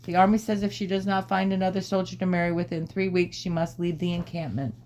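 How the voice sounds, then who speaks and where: A woman calmly narrating a storybook as an audiobook reader, in a measured way. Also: fairly low pitch, slight background noise.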